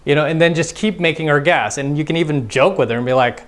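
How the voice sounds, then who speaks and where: A man's voice: on the high side, quick pace, hardly any pauses, a bit bright. A man giving a casual, conversational dating lesson as a coach, acting out both sides of example conversations. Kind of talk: instructional monologue.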